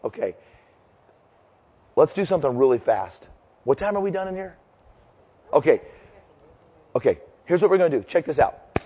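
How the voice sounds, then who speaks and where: A man's voice: on the high side, normal speed, pauses often, husky. A man preaching a sermon, telling jokey stories and leading his audience through a cheer. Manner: animated, jokey storyteller leading a crowd cheer. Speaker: pastor. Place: large hall before a live audience. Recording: long hall reverb.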